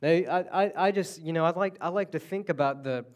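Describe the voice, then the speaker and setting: A man's voice: a little high, brisk. A man preaching a sermon, telling the story conversationally with restarts and asides. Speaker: pastor.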